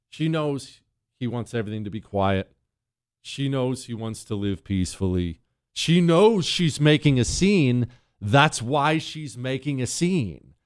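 A man's voice: on the high side, smooth. A man hosting a political commentary show, talking in an emphatic, sarcastic, repetitive way. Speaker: show host.

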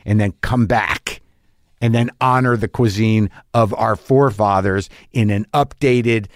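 A man's voice: lowish voice, unhurried, dry recording, studio quality. A man musing in a rambling casual monologue, often restarting his sentences and swearing now and then. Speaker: comedian.

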